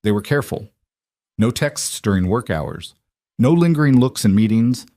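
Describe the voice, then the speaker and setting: Low-voiced man narrating a story. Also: expressive, moderate pace, warm tone, no room sound, studio quality. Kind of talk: scripted audiobook narration.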